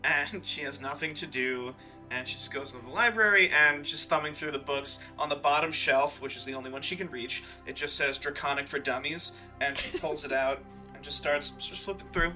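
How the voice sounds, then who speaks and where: A man narrating as dungeon master in a tabletop game, relaxed and full of hesitant ums. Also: fairly high pitch, moderate pace, soft background music.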